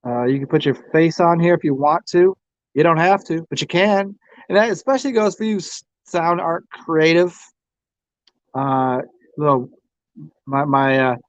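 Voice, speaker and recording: A man's voice: a little high, no room sound, dull audio. An American man hosting a casual tarot livestream, rambling and crude, taunting the people who join. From United States. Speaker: livestream host reading tarot.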